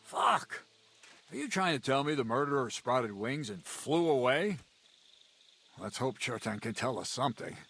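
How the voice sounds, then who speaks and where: A man's voice: medium pitch, unhurried, husky, full character voice. An actor playing an earnest commoner leader who argues hard for his friend's innocence. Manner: earnest, pleading, animated. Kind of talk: video game dialogue.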